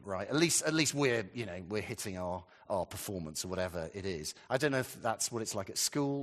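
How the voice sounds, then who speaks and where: A man's voice: on the low side, animated, fairly quick, hardly any pauses, fairly bright tone. A man preaching a sermon in a conversational, rambling way, full of asides and questions to the congregation. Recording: long reverb of a hall.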